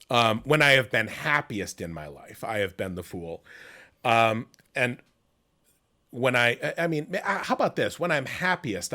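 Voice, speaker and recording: A middle-aged man talks loosely on a livestream, circling his point through fillers and restarts. His pitch sits in the middle but jumps high when he acts out a story. He comes across as chatty and unpolished. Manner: rambling, many fillers and restarts, animated storytelling. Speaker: host. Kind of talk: casual livestream interview.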